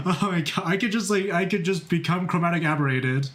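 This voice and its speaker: A young man streaming as a VTuber, casual and excitable, laughing and repeating himself as he talks. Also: sits high, brisk, reverberant. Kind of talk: casual live-stream chat.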